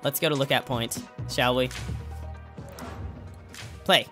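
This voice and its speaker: A man's voice: medium pitch, takes it slowly, a bit bright. A young man giving let's play commentary, joking and talking back to himself as he plays. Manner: goofy, talks to himself in jokey banter. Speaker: gaming YouTuber. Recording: music playing behind the voice.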